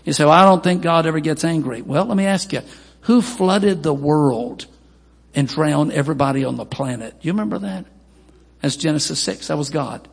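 A man's voice: fast talker, gravelly, breathy edge. A man preaching a sermon as pastor, emphatic, with Scripture readings and quoted asides. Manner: emphatic preaching, voices quoted people in a raised pitch. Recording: long hall reverb.

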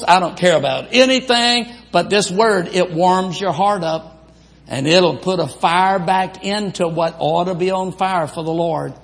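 A man with a fairly high voice preaches with a drawl. He reads scripture aloud and asks the congregation questions in an animated way. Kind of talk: sermon.

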